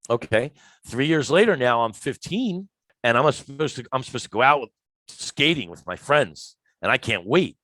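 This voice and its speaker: Lively man in his fifties. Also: mid-range voice, normal speed, no room sound. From Philadelphia, USA. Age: 50s. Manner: lively, emphatic, acts out quoted lines. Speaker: guest storyteller. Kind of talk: casual storytelling.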